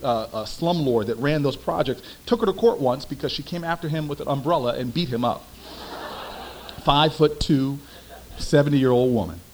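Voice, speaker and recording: A young man, a former city councilman, giving a storytelling speech with emphatic, animated delivery. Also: mid-range voice, slight background noise, low-quality recording.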